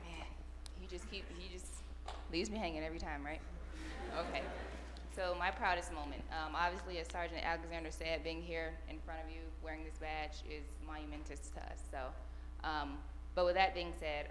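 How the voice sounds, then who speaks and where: A woman, an Air Force supervisor, telling a personal story to an audience in a warm, self-mocking way, with fillers. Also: low voice, a little hiss or hum. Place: large auditorium.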